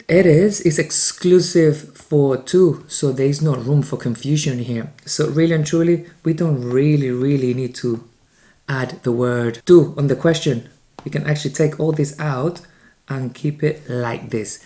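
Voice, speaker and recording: A man with a Spanish accent gives a beginners' language lesson in a mellow, warm voice. He keeps an upbeat pace and slows right down to spell out each example sentence. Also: a little high. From Spain. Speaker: Spanish teacher.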